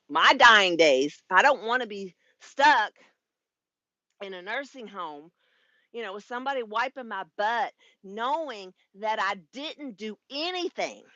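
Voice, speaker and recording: A woman's voice: medium pitch, bright, forceful tone, dry recording, muffled recording. A woman in her fifties, a spiritual life coach, talking frankly and casually on a live stream, swearing freely and laughing often. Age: 50s. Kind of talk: casual livestream monologue.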